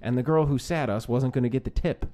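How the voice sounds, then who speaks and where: A man telling a story in casual chat, animated and profane, often laughing. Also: medium pitch, fast. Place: bar room.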